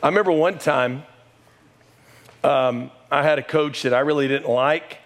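A middle-aged man, a pastor and coach, preaching a sermon with animated storytelling and sudden raised exclamations. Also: fairly high pitch, unhurried. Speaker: pastor and high school coach.

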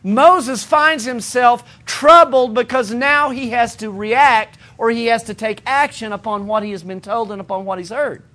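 A male pastor delivers a sermon in an easy, conversational manner, mixing humor with emphatic repetition. His voice sits very high for a man and rings bright and forward. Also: normal speed, hardly any pauses.

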